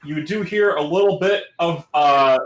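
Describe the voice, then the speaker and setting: A man's voice: on the high side, unhurried, roomy sound, poor audio. Laid-back man running a tabletop game. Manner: relaxed, loose, filler-heavy narration. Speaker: game master.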